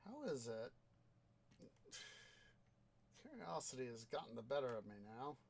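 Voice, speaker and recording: A man's voice: medium pitch, sing-song, breathy edge. A man with a Midwestern American accent casually commentating his Minecraft play alone, rambling with many fillers and counting items aloud. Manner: rambling, halting, many fillers and self-talk. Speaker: Minecraft let's player. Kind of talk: casual solo gameplay commentary.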